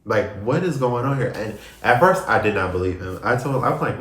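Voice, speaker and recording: A man's voice: mid-range voice, animated, brisk, hardly any pauses, fairly bright tone, echoey room. A young man telling a personal story to camera in a casual, rambling way, full of emotion. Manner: rambling, emotional, swings from crying to laughing. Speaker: vlogger.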